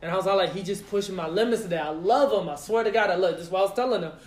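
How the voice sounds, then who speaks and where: A man's voice: sits high, very fast, roomy sound. A man hosting a podcast, telling a rowdy story in casual chat, acting out quotes with lots of profanity. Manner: animated, profane, acts out quotes. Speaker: podcast host.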